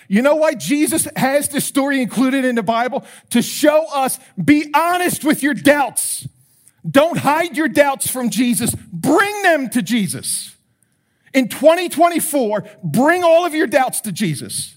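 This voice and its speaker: A man preaching as a pastor, animated and rising to emphatic calls, with quoted prayers acted out. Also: very high voice, a little slow. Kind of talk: sermon.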